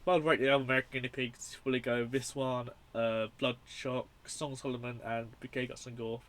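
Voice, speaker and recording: A young man reviewing a horror film in a casual, rambling, profane and excitable way. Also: medium pitch, fairly quick, slight background noise.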